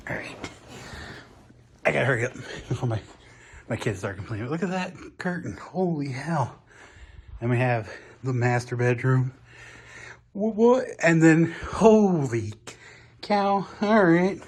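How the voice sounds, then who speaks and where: A man giving an excited, out-of-breath handheld room tour of a vacation apartment, exclaiming at each room. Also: mid-range voice, slight background noise. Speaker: vlogger.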